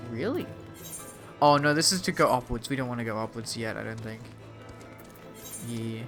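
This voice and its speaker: A man's voice: medium pitch, fairly even intonation, moderate pace, long pauses, a bit bright, faint music behind. A young Australian man streaming a game, chatting casually and self-mockingly with his chat. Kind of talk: casual gaming commentary.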